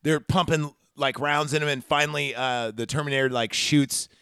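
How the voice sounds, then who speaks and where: A man's voice: a little high, fairly even intonation, moderate pace, pushed and bright, clean tone, no room sound, studio quality. A man hosting a podcast, casually retelling a movie scene by scene with many fillers. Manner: rambling, filler-heavy scene-by-scene recap. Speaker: podcast host.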